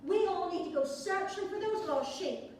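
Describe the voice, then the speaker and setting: A woman's voice: very high-pitched, expressive, moderate pace, darkish tone, slight background noise. A woman preaching a sermon in a church, conversational with playful asides. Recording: echoey church hall from far off.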